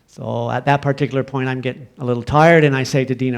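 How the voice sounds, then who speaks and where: A middle-aged man with a Canadian accent delivers a sermon. He moves from a relaxed storytelling tone to loud, emphatic preaching, and his voice sits in an ordinary middle pitch. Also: quick pace, creaky, clean tone. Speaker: pastor.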